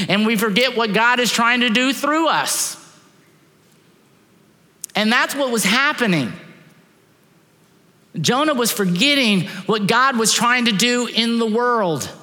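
A man's voice: high voice, expressive, measured pace, sharp tone. A man pastor preaching a sermon, emphatic and full of rhetorical questions. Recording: long hall reverb.

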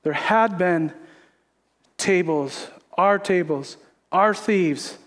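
A middle-aged pastor preaching a confessional sermon from a church stage. His voice sits high for a man, and he talks in an earnest, emphatic way. Long reverb fills the sanctuary around him. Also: very slow, fairly bright tone. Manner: earnest, emphatic, laughs at himself. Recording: echoey hall reverb.

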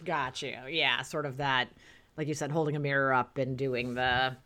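A woman's voice: extremely low pitch, fairly even intonation, moderate pace, pushed and bright. A woman hosting a podcast in casual chat, talking freely with frequent laughs and fillers. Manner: chatty, laughs often, lots of fillers. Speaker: podcast host.

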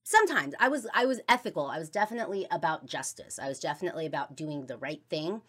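A woman's voice: low voice, animated, quick pace, fairly bright tone, husky. A woman hosting a podcast, telling a personal story in a blunt, casual way, full of swearing and fillers. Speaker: podcast host.

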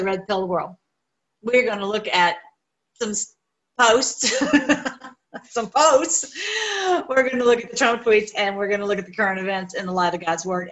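A woman's voice: mid-range voice, bright, forceful tone, rough recording. A woman hosting an online commentary show, chatting casually and laughing often as she talks.

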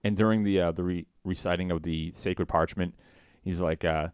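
A man co-hosting a podcast, chatting casually and rambling, breaking into excited quotes of cartoon lines. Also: low voice, moderate pace, clean tone, dry recording, studio quality. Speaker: podcast co-host. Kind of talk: casual chat.

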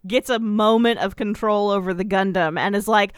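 A woman's voice: medium pitch, fairly even intonation, fairly quick, hardly any pauses, clean tone, no echo, studio quality. A woman co-hosting a casual podcast chat, peppering her talk with "like" and acting out characters' lines as she recaps an episode. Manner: fills speech with "like", acts out characters' lines. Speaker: podcast co-host.

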